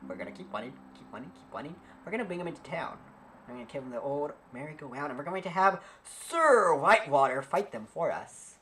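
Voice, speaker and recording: A man's voice: a little high, lively intonation, fast, bright, forceful tone, slight background noise. A man casually narrating a game playthrough with joking asides, over game music. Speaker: gaming video host. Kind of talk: playthrough commentary. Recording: game music playing behind.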